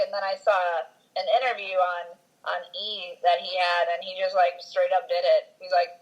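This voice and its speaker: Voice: medium pitch, fairly even intonation, a little fast, low-quality recording. Chatty podcast co-host over radio. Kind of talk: casual movie review chat.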